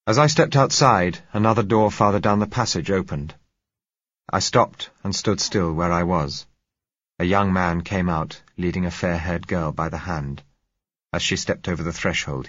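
Low husky man reading a novel, measured and dramatic, dry dull recording. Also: a bit bright, dry recording. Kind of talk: audiobook narration.

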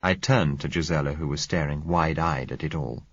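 A man narrates a novel in a measured, dry, wry manner. His voice is very low and husky. The recording is dry and dull, with a lo-fi sound. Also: dry recording. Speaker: audiobook narrator. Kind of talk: scripted narration.

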